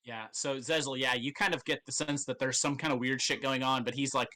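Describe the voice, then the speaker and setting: A man's voice: mid-range voice, fairly even intonation, fairly quick, sharp tone. A man narrating as game master of a tabletop role-playing game, in a casual, rambling way with profanity and frequent laughs.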